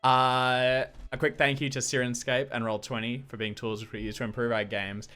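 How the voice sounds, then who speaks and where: Halting man opening a stream. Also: medium pitch, level tone, sharp tone, smooth. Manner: halting, many filler sounds. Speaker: stream co-host. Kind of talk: stream introduction.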